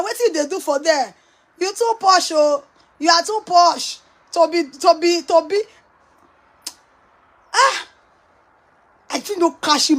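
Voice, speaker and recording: A woman with a Nigerian accent, ranting to her viewers in a mocking, scolding way and laughing often. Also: sits high. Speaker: online commentator. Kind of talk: casual rant to viewers.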